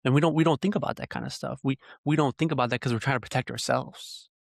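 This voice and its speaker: A man's voice: mid-range voice, quick pace, gravelly, no room sound. Male podcast host, mid-range voice, preachy heartfelt rant, dead-dry close mic. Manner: earnest, heated, full of rhetorical questions. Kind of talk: ranting solo podcast monologue.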